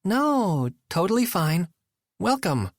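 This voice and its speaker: A man's voice: sits high, very animated, slow pace, dry recording, studio quality, voice pushed up, exaggerated voice. A male narrator voicing a tense young woman hosting a dinner, clipped and stiffly polite. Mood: flat.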